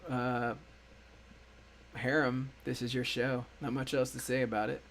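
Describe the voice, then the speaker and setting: A man's voice: mid-range voice, level tone, measured pace, fairly bright tone, a little hiss or hum. A man hosting a casual anime review chat, talking loosely and laughing often. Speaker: podcast host.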